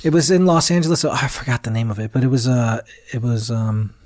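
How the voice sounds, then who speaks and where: In a clean studio recording with no room sound, a guest musician in his thirties spins a long story in an interview. His voice is medium-pitched and quick. He animatedly acts out the lines others said to him.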